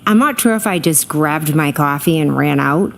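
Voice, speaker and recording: A middle-aged woman testifying as a witness in court, hesitant and filling pauses with ums, answering briefly. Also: sits low, animated, creaky, slight background noise. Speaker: trial witness.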